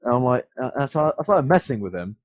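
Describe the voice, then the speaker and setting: A man's voice: mid-range voice, very animated, fast talker. A young man hosting a podcast, telling a rambling, profane story with many fillers and restarts. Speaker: podcast host. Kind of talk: casual storytelling chat. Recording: dull lo-fi sound.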